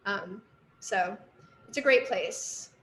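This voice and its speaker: A woman's voice: mid-range voice, slow pace, a bit bright, echoey room, a little hiss or hum. A middle-aged woman, an artist and art teacher, giving a casual lecture with lots of asides and fillers. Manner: chatty storytelling with fillers and asides.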